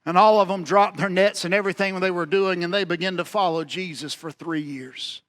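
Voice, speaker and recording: High-voiced man preaching a dramatic sermon. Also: a little fast. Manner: dramatic preaching, acting out quoted dialogue with swings in loudness. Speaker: pastor.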